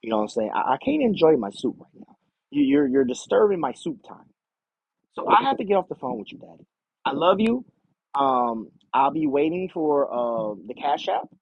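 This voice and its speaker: A man's voice: a little high, big pitch swings, vocal fry, husky, no room sound, highs cut off, exaggerated voice. A man putting on the voice of a spoiled young woman, whining and pleading with her father for money. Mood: whiny pleading. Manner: whiny, drawn-out pleading with repeated "daddy".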